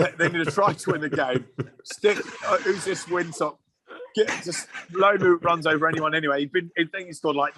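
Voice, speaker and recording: A man's voice: medium pitch, fairly bright tone, no room sound. A man in his thirties, a former rugby player, telling self-deprecating stories as a podcast guest over a video call, with frequent laughs. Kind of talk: casual anecdote on a podcast.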